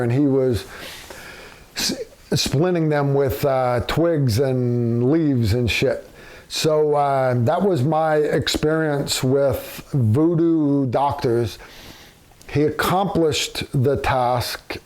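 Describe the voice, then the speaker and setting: A man's voice: mid-range voice, a little mellow. A man telling a casual, profane war story in a blunt, rambling way, full of fillers.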